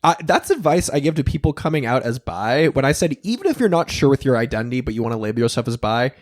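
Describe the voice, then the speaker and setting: A man's voice: mid-range voice, fast talker. Blunt, emphatic young man. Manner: emphatic, blunt, swears freely, lively asides. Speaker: podcast guest, writer. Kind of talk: casual interview chat.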